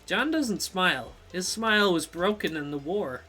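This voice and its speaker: Bright, lively male streamer. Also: sits high, moderate pace, faint music behind. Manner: rambling, self-mocking, jokey asides. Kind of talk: live game streaming commentary.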